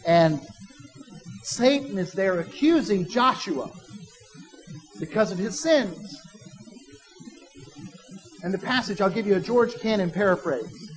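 Male pastor, high-pitched voice, conversational sermon delivery. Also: animated, slow, long pauses, poor audio. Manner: conversational preaching, personal asides, quoting imagined voices.

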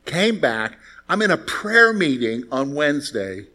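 A man's voice: a little high, very animated, measured pace, pushed and bright. A male pastor preaching a conversational sermon, asking the congregation rhetorical questions and telling stories.

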